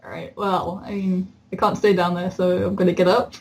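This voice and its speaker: A woman plays a tabletop game in relaxed, casual talk. She laughs often and swears freely. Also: on the low side, normal speed, gravelly. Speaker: player.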